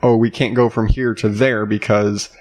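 A man's voice: fairly low pitch, level tone, moderate pace, darkish tone. A man co-hosting a podcast in casual chat, rambling and acting out little quoted asides, with the odd swear. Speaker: podcast co-host, father of four.

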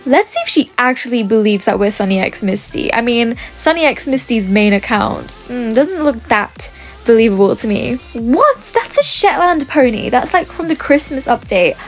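Young woman gamer, high bright voice, bubbly, chatty, laughs a lot; casual commentary delivery. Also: very animated, normal speed, faint music behind. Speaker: gaming YouTuber.

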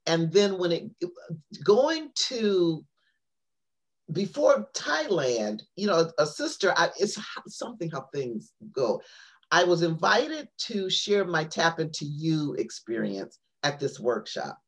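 A woman guest tells a long personal story with lots of fillers and restarts. Her voice is a little husky and her pitch swings up and down as she talks. Her delivery is chatty and animated, as if to a friend. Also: slow. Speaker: guest, poet and author. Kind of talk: casual storytelling in an interview.

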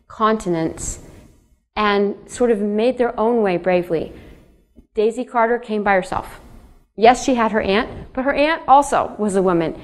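A woman author, medium-pitched, gives a public lecture and reading in a museum hall. She tells chatty stories, laughs between them, and poses questions to the audience.

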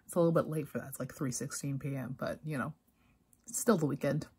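A woman's voice: very deep voice, fast talker, darkish tone, husky. A woman in a casual, rambling vlog chat about her writing day, with many fillers. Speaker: writer vlogging her progress.

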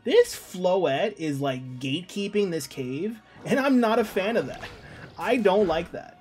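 A man's voice: high-pitched, lively intonation, measured pace, darkish tone, soft background music. Chatty man streaming a game. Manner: chatty, joking, talks to chat and reads out messages. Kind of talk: casual chat while playing a game.

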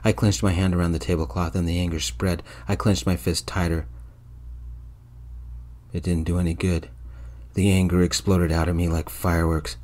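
A man telling a first-person story in a soft-spoken ASMR storytelling style, slow and calm. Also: low voice.

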